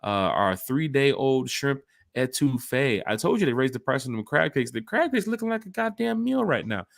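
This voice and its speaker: A man hosting a casual sports podcast, talking in an animated way that jumps between hype and jokes. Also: mid-range voice, normal speed, gravelly, dry recording, studio quality. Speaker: podcast host.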